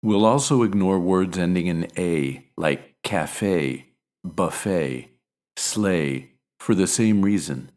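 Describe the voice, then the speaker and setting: Deep-voiced American man teaching pronunciation. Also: a little mellow. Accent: American English. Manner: clear, measured, repeats examples slowly. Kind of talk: scripted pronunciation lesson.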